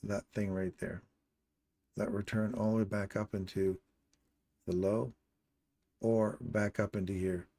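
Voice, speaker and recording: Male trading-stream host from Canada, dark mellow voice with some fry, casual running commentary to chat. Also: fairly low pitch, level tone, measured pace, long pauses. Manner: chatty, pointing at charts and greeting viewers.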